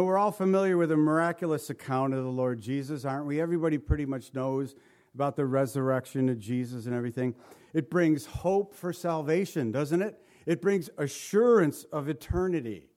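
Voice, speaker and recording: A man preaching an Easter sermon, asking the congregation questions and quoting scripture. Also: on the high side. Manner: animated, rhetorical questions to the congregation; quotes scripture in old-style wording. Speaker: pastor.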